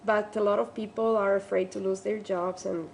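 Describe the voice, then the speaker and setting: Woman guest, halting English. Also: mid-range voice, flat delivery, creaky, darkish tone, a little hiss or hum. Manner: halting, non-native phrasing with nervous laughs. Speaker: studio guest researcher. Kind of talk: TV interview answers.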